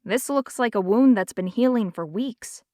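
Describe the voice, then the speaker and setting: A woman's voice: a little high, normal speed, mellow, no room sound, studio quality, natural voice. A woman narrator voicing a bewildered young man who has just come out of a possession, in an audiobook. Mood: insistent. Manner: bewildered, accusing. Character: young man, shaken and confused after possession.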